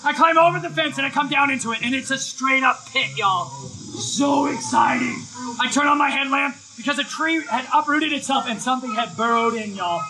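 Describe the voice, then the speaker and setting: A man preaching live, telling an excitable story with lots of shouting and bursts of energy. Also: very high-pitched, moderate pace, background noise. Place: live event, outdoors or hall.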